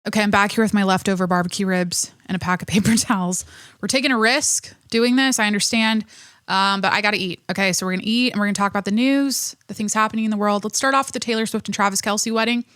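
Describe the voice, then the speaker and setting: A woman's voice: medium pitch, quick pace, no room sound, clean studio sound. Profane, fiery woman ranting on her podcast. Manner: animated, profane ranting with self-interruptions. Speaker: podcast host. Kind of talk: solo podcast monologue.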